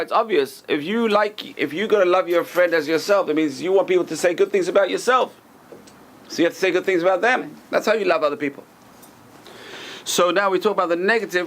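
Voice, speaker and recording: A man's voice: high voice, fairly bright tone. A man teaching an informal Torah class as a rabbi, talking conversationally and acting out gossipy lines with joking asides.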